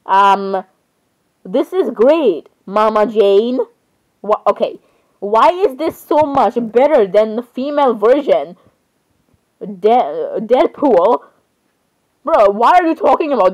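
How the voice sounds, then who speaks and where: Young woman vlogging, kinda high voice, rambly and giggly, keeps cutting herself off. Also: animated, slow, highs cut off. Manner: rambling, giggly, self-interrupting. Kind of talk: casual chat over screen browsing.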